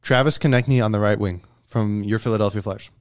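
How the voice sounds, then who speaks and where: A man's voice: lowish voice, brisk, clear, resonant tone. A man hosting a casual sports podcast, debating hockey picks and reading out stats with frequent "okay?" check-ins. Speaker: podcast host.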